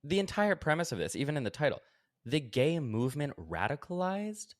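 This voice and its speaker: A man hosting a podcast, talking casually with a sarcastic, animated edge and lots of "like". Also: on the high side, fairly quick, no room sound, clean studio sound. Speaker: podcast host.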